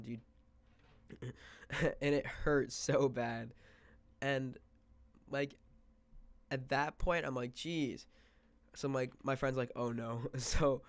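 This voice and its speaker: A man's voice: medium pitch, no room sound. A young man telling a rambling storytime, full of fillers and quoted asides, sometimes dropping to a whisper. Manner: drops to a whisper for quoted thoughts. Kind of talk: casual storytime vlog.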